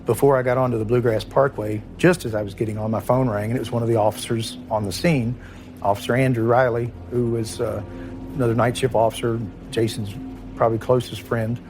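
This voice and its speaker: Middle-aged man from Kentucky, ex-police chief, halting emotional interview delivery, soft music under it. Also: mid-range voice, steady tone. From Kentucky, USA. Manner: plain-spoken, halting, emotional. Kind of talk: interview recollection.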